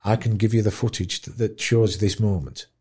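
A man telling an emotional story, animated and dropping to a hush at tender moments. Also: on the low side, moderate pace, husky. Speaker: guest musician in care.

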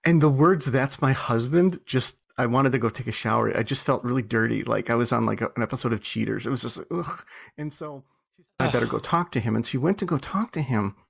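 A man's voice: medium pitch, fast talker, vocal fry, a bit bright, breathy edge. A man being interviewed as an author and entrepreneur, telling stories in a chatty, self-deprecating way with frequent laughs and restarts. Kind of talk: casual storytelling interview.

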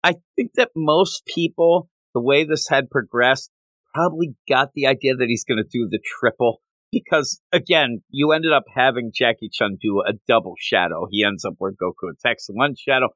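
Bright-voiced animated man. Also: medium pitch, moderate pace, dry recording. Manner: animated, acts out quoted characters in passing. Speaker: podcast co-host. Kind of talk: casual podcast discussion.

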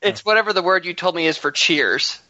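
A man with a bright, somewhat high voice describes his character's actions in a tabletop game, halting and full of fillers. His audio is dull and lo-fi, like an online call. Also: no echo. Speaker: player.

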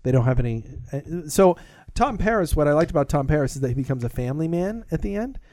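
A man's voice: a little high, sing-song, fast talker, dark tone, dry recording. Rambling, chatty man with a dry sound. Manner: rambling, enthusiastic, laughs often. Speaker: podcast co-host. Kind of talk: casual chat.

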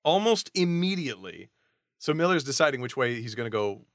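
A man co-hosting a podcast, casually retelling a novel's plot with quick voiced asides. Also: mid-range voice, big pitch swings, no room sound, studio quality. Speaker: podcast co-host recapping a novel. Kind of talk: casual chat.

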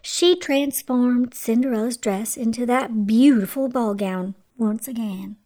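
A woman hosting a children's radio show, telling a bedtime story gently and sometimes dropping to a whisper. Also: a little high, a little slow.

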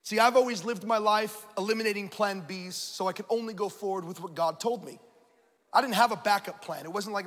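High, bright preacher in a big hall. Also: male voice, normal speed. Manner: animated, self-mocking, laughs often. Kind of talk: sermon storytelling. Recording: preaching in a large reverberant hall.

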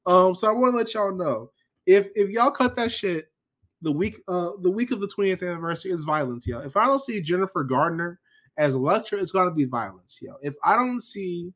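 A man with a notably high speaking voice co-hosts a casual podcast chat. He rants in an animated, emphatic and profane way, pressing his points hard. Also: fairly quick. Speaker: podcast co-host.

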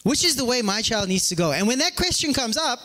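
Speaking fast in a very high-pitched voice, a man preaches as a pastor, full of jokes and animated, acted-out dialogues. The hall around him is echoey.

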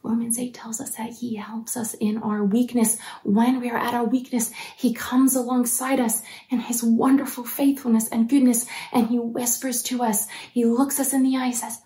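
A woman preaching a sermon in an earnest, encouraging way, at times dropping to a soft near-whisper. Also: on the high side, level tone, normal speed, hardly any pauses.

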